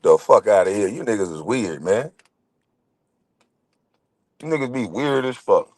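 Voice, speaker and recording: A man's voice: on the low side, sing-song, unhurried, breathy edge, no echo. Foul-mouthed man on a trash-talking rant. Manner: confrontational, trash-talking, swears constantly. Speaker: channel host. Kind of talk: profane ranting monologue to camera.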